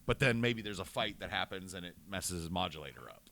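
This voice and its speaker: A man co-hosting a podcast in casual chat, rambling and excitable, often restarting his sentences. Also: deep voice, fairly quick, slight background noise. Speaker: podcast co-host.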